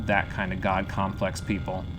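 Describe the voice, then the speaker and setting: A man's voice: sits low, monotone, normal speed. A man streaming a game live, giving loose, joking commentary with frequent laughs and casual swearing. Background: faint game music.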